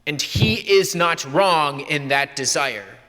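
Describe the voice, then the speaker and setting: Bright-voiced young priest in a reverberant church. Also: male voice, on the high side, lively intonation, slow. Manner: conversational, acts out quoted dialogue. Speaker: pastor. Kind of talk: sermon.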